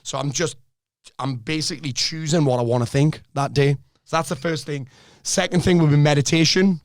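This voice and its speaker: A man's voice: fairly high pitch, fairly quick, no room sound. Blunt, swearing man, dry sound. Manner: blunt, energetic, swears freely. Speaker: life coach, podcast guest. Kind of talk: casual podcast conversation.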